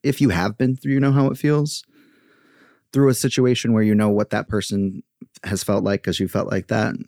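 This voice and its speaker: Brief: chatty male yoga teacher, deep gravelly voice, mellow, dry close sound. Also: steady tone, fairly quick, no echo. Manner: chatty, acts out quoted voices. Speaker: podcast guest, yoga teacher. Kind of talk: candid personal storytelling.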